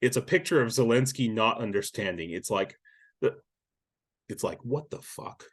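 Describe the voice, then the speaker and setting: A man's voice: medium pitch, lively intonation, normal speed, slightly rough. A man giving casual news commentary, blunt and sarcastic, with lots of swearing and frequent restarts. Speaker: YouTube war-news commentator.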